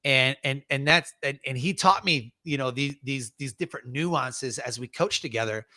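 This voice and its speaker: A man's voice: mid-range voice, normal speed, sharp tone, no echo, clean studio sound. A man as an interview guest, telling stories energetically, acting out audience scenes and saying "like" a lot. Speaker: guest speaker. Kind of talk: casual interview storytelling.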